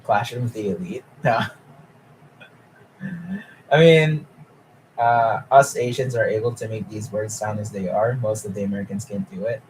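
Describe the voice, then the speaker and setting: A man's voice: fairly low pitch, normal speed, pauses often, darkish tone, a little hiss or hum, poor audio. A young man talking casually on a live stream, chatty and often laughing as he answers chat.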